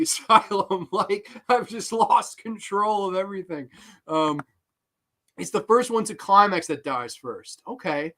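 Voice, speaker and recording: A young man talks over a horror film for a live stream audience, rambling loosely and swearing freely. His voice is bright and sits a little high for a man, and he keeps breaking into laughter between thoughts. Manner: rambling, profane, laughing often. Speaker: host.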